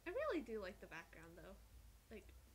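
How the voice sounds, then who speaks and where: A woman's voice: medium pitch, huge pitch swings, fairly quick. A young woman co-streaming a game, chatting casually in a giggly, teasing way. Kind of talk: casual chat while playing a game.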